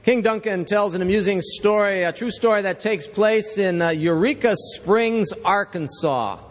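A man's voice: high-pitched, normal speed. Storytelling male pastor in a church hall. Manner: conversational, storytelling, asks the congregation. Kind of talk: sermon with scripture reading and joke.

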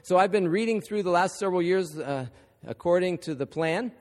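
A middle-aged man preaches with emphatic energy, pressing his congregation for agreement. His voice sits a little high for a man. It rings with long reverb through a church hall. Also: a little fast. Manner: emphatic, rising to loud calls for agreement. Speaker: pastor. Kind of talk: sermon. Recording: echoey hall.

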